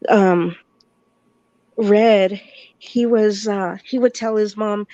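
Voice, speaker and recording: Slow, mellow-voiced woman chatting. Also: medium pitch, fairly even intonation, no echo, highs cut off. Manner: slow, halting, with many fillers. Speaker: parent in conversation. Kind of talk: casual chat.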